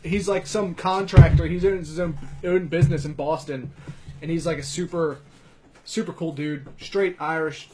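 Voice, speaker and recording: A man's voice: a little high, fairly even intonation, normal speed, noisy background. A man from Virginia telling stories in a loose, profane podcast chat, full of fillers. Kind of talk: casual chat.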